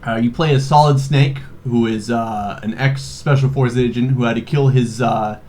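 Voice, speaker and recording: A man's voice: mid-range voice, fairly even intonation, moderate pace, a little mellow, a little hiss or hum. A man in his twenties recapping a video game in a rambling, profane, joking way, full of fillers and laughs. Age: 20s. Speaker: video host. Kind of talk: casual comedic game recap.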